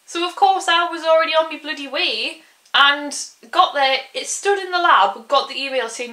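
A young woman talks straight to her viewers in a casual vlog. Her voice is bright and fairly high, and she chats on in an exasperated, ranting way, peppered with "like". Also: moderate pace, poor audio. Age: young adult. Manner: chatty, exasperated ranting with frequent "like". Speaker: vlogger.

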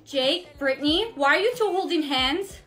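A woman's voice: high voice, expressive, moderate pace, bright, forceful tone, soft background music. A woman playing the lead in a comedy skit with dramatic, exaggerated delivery. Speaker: main skit character.

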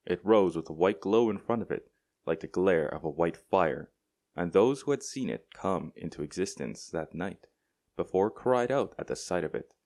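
A man reading a classic short story aloud as an audiobook narrator, in a measured, deliberate storytelling manner. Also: low voice, lively intonation, a little mellow. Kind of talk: scripted narration.

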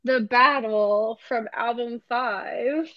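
High, bubbly woman host, chatty fan-podcast energy. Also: slow, muffled recording, slight background noise. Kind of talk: casual chat.

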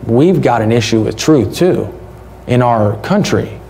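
A man's voice: medium pitch, animated, unhurried, warm tone, slight background noise. A man, preaching a sermon as a pastor in a conversational, folksy way with rhetorical questions. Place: church.

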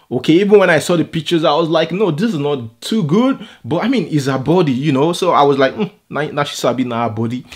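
A man with a Nigerian accent giving casual, opinionated celebrity news commentary, rambling and checking in with "okay?". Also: mid-range voice. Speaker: entertainment news vlogger.

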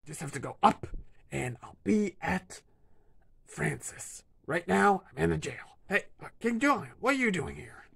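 Goofy fan-dub voice man, gravelly and bright. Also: high-pitched, big pitch swings. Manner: goofy, stammering, quick voice switches. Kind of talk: comedic fan dub, doing many voices.

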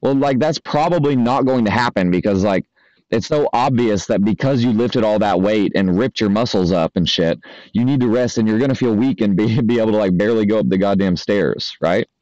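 A man's voice: on the low side, brisk, a little mellow, no room sound. A man, a spiritual coach, talking loosely and casually to his listeners, with many fillers and the odd swear word. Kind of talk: casual spoken monologue. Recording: dry, slightly dull lo-fi audio.

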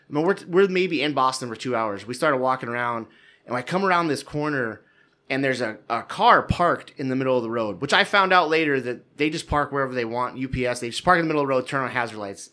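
A man's voice: medium pitch, fairly quick, bright, forceful tone. A man co-hosting a podcast, telling a story in casual chat, with rambling restarts and chuckles. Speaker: podcast co-host.

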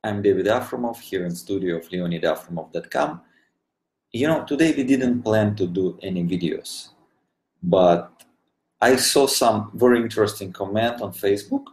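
A man with a Russian accent hosting a live video broadcast, speaking earnestly in non-native English with many "you know"s, keeping his voice quiet. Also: fairly low pitch, roomy sound, rough recording. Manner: speaking quietly so a child can sleep. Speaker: studio representative addressing viewers. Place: home studio.

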